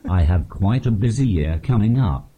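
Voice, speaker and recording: A man speaking through a synthetic computer voice, delivering prepared jokes in a deadpan way as a comedy guest. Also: fairly low pitch, normal speed, narrow, tinny audio. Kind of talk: deadpan text-to-speech jokes.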